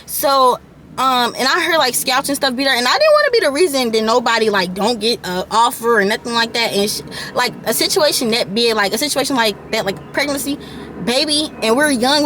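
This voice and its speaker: A woman's voice: on the high side, lively intonation, normal speed, a bit bright, slight background noise. An eighteen-year-old woman vlogger telling a casual storytime monologue into her camera mic, rambling with lots of "like" and "y'all" asides.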